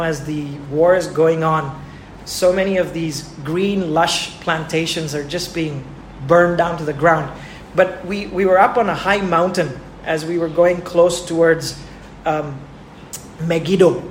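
A man preaching a sermon who asks his listeners questions and repeats words for emphasis. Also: a little high. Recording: echoey room with faint ambient noise.

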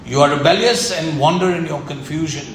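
A man's voice: fairly high pitch, fairly quick. A man preaching a sermon with earnest, emphatic repetition. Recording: echoey room with faint ambient noise.

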